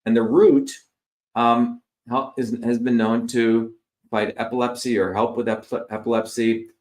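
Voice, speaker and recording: A man's voice: mid-range voice, lively intonation, measured pace, darkish tone, echoey room. A middle-aged man from India, giving an explanatory lecture over slides and listing terms one by one with fillers. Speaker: presenter.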